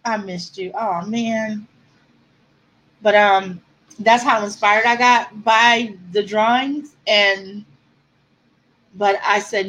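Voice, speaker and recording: A woman with a somewhat husky voice and mid-range pitch talks casually to a livestream audience. She answers viewer comments in a chatty, emotional way. At moments she sounds close to tears. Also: steady tone, slow pace, pauses often, fairly bright tone, low-quality recording.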